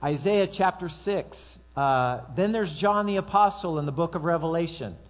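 A man's voice: on the high side, moderate pace. A man preaching a sermon to his congregation in a conversational way, with asides and acted-out quotes. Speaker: pastor.

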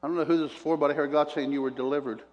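An older man preaching a sermon, telling stories in an animated way that swings between loud bursts and hushed asides. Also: fairly high pitch, very fast, long reverb tail.

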